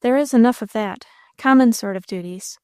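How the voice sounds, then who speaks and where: A woman's voice: fairly high pitch, a little mellow, clear, resonant tone, no room sound, studio quality, close to an everyday voice. A woman reading a composed, unhappy young lady. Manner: composed, speaking slowly and deliberately. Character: proud reserved young woman, quietly unhappy.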